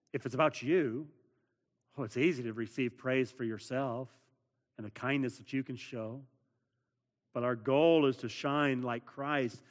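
A man preaching a sermon as pastor, earnest, stressing words by repeating them and building to louder emphasis. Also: medium pitch. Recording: long hall reverb.

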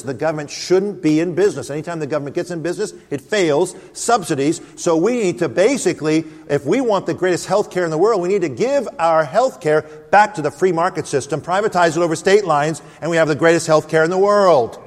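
A man's voice: fairly high pitch, a little fast, hardly any pauses, long reverb tail. A man preaching a sermon, emphatic and storytelling, calling out to the congregation. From United States. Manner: emphatic, storytelling, calls out Amen.

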